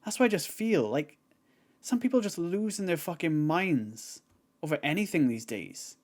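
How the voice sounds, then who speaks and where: A man's voice: on the high side, expressive, normal speed. Rambling man reacting to clips. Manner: rambling, filler-heavy, exasperated. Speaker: reaction video host. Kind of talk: casual commentary.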